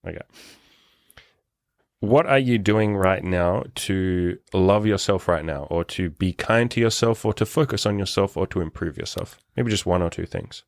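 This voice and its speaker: A man's voice: deep voice, moderate pace, gravelly, dry recording. A man hosting a podcast, talking frankly as a life coach in casual chat, with some swearing.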